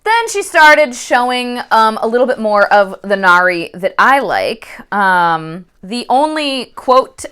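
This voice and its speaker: A woman's voice: on the high side, animated, slow, hardly any pauses, fairly bright tone, clean tone. A woman giving a casual book review, exasperated and swearing often.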